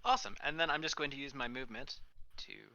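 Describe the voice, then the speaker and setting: A player in an online tabletop game, lively and swearing, describing spell moves. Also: medium pitch, gravelly, no room sound, muffled recording. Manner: lively, swearing, quick to laugh.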